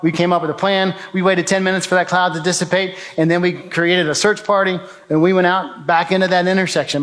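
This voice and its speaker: A man with a somewhat high voice tells a gripping personal story to an audience. He speaks earnestly and acts out what he shouted at the time. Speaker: speaker telling his survival story. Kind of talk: testimony talk to an audience.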